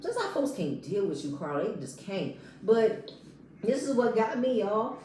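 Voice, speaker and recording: A woman's voice: fairly high pitch, big pitch swings, moderate pace, mellow, reverberant, slight background noise, low-quality recording. A woman giving a blunt, exasperated casual recap of a reality show, mocking the people in it. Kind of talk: animated casual recap commentary.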